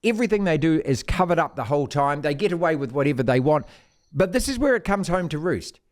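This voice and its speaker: A man's voice: on the high side, expressive, fast. A middle-aged man with a New Zealand accent hosting a sports podcast, blunt and mocking in his opinions. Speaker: podcast host.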